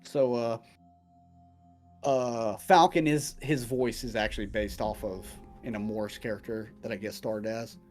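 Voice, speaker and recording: A man playing dungeon master casually answers viewer questions, joking and swearing freely in relaxed chat. His voice is lowish and darkish in tone, with fairly even intonation and an unhurried pace, and faint music plays behind him.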